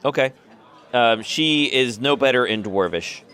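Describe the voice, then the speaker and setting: A man's voice: mid-range voice, a little slow, fairly bright tone, clean tone. A man narrating and calling for rolls as a tabletop game master.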